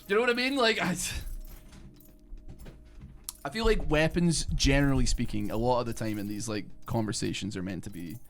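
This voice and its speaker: A young British man talks his way through a live game stream, drifting between side topics and circling back with constant fillers and half-started sentences. His voice sits at an ordinary middle pitch, and faint game music plays underneath. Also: normal speed, long pauses. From Britain. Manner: rambling, filler-heavy, restarts mid-thought. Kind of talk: live gameplay commentary, chatting with viewers.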